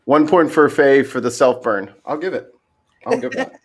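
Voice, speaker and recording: A man's voice: fairly high pitch, big pitch swings, normal speed, creaky. Goofy, playful male livestream host. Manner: playful, goofy, laughs a lot. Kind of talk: casual livestream chat.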